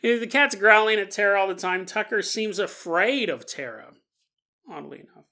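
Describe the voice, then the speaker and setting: A woman's voice: medium pitch, animated, normal speed, bright, forceful tone. A woman hosting a podcast, telling a paranormal story in a chatty, joking way and acting out the people in it. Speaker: podcast host. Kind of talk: casual paranormal story narration.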